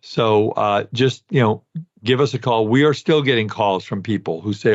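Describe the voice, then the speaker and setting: A man's voice: mid-range voice, lively intonation, moderate pace. Folksy man in his sixties, dull sound. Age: 60s. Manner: folksy, rambling, direct to listeners. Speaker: podcast host. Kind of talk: casual podcast talk.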